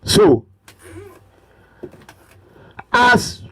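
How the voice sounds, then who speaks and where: A man with a Nigerian accent giving an impassioned political monologue, preachy and repetitive, at times breaking into shouts. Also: a little high, expressive, measured pace. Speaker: political commentator.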